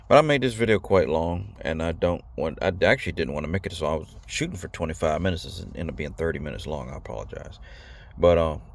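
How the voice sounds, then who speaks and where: A man's voice: rumbling low, slight background noise. A man giving a blunt, rambling casual talk to his viewers, slangy and repeating himself. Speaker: video host. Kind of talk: casual direct-to-camera talk.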